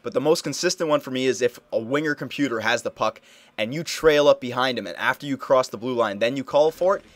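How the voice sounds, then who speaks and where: A young man talking through gameplay footage in a relaxed tutorial. His voice sits at an ordinary middle pitch. He coaches the listener and keeps asking "okay?" to check they follow. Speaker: video game tutorial host. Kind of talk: casual gameplay tutorial commentary.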